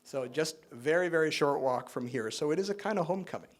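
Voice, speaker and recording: At an awards event, a middle-aged man from Spain who was raised in Canada gives a relaxed, conversational keynote. His voice is a little on the high side, and he fills pauses with um, often adds "right," and drops the odd joking aside.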